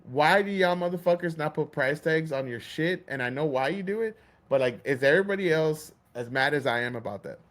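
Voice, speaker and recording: A man's voice: on the high side, brisk. A man hosting a podcast, ranting in casual, profane chat and acting out store clerks' lines. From Texas. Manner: heated, swearing, acts out store clerks. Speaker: podcast host.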